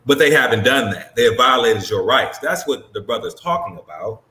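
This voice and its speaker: A man's voice: mid-range voice, lively intonation, moderate pace, pushed and bright, reverberant. A man hosting and commenting on a clip in a blunt, emphatic, profane way. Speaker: host reacting to a clip. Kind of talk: casual commentary.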